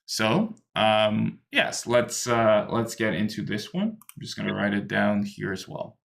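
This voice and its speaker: A man tutoring English over a video call, patient and a little halting as he explains. His voice sits fairly low and has a gravelly edge. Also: animated, a bit bright. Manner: patient, explains with many ums and restarts. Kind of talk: online one-to-one English lesson.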